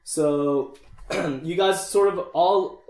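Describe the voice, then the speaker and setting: A man narrating as the game master of a tabletop campaign, his voice slightly high for a man. He speaks in a relaxed, chatty way and laughs easily with his players. The room is echoey. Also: drawn-out words.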